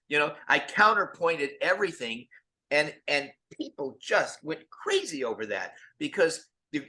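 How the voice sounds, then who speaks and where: An older man, a guest actor, telling lively stories in an interview and acting out the quotes, often repeating words as he goes. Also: medium pitch. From United States. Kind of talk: storytelling interview.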